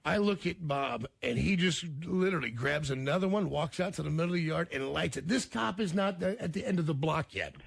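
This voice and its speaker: A man's voice: fairly high pitch, a little fast, creaky, few pauses, breathy edge, no room sound, clean studio sound. A man hosting a morning radio show, telling a rowdy story with lots of restarts. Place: radio studio.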